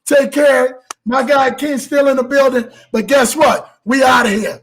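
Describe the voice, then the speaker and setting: A male host with a very high speaking voice, wrapping up a live show with animated, preacher-like energy. A faint hiss of noise sits behind him. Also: measured pace, poor audio. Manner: preacher-like, animated, blessing the audience. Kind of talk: exuberant live show wrap-up.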